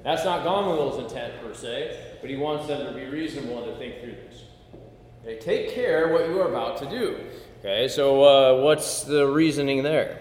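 A man's voice: medium pitch, normal speed, darkish tone. A man teaching a Bible study class in a conversational way, asking the group questions and explaining Greek words. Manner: conversational, asks the class questions, many "okay"s. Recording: echoey room with long reverb.

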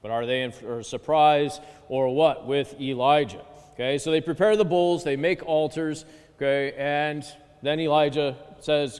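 A man with a fairly high voice delivers a chatty sermon, breaking up his points with frequent "okay" and "right". His voice rings with a long reverb, as if in a large hall. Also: normal speed, darkish tone, smooth. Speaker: pastor.

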